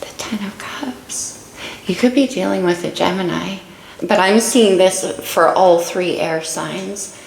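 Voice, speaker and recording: This woman's gravelly, lowish voice moves a little slowly as she gives a relaxed tarot reading, talking kindly through every card. Faint noise and room echo sit behind her.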